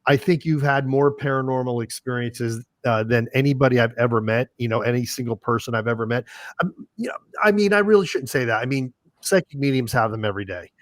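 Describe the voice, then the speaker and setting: A man's voice: mid-range voice, a little fast, no room sound. A man hosting a podcast, reacting and asking questions in a rambling way full of fillers. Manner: rambling, many fillers like "you know". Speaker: podcast host. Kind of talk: interview chat.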